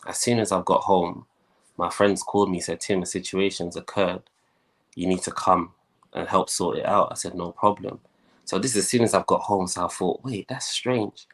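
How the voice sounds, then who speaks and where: Young guy, real deep voice, telling his story, does the voices of people he's quoting. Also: moderate pace. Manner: animated storyteller, acts out quoted voices. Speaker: guest.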